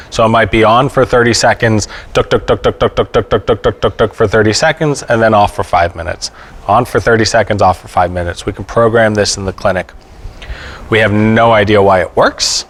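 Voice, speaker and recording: Man, lowish voice, doctor on a panel, patient plain explainer, checks in with listeners. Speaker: epileptologist speaking on an expert panel. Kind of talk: explanatory panel talk to families. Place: event panel before an audience.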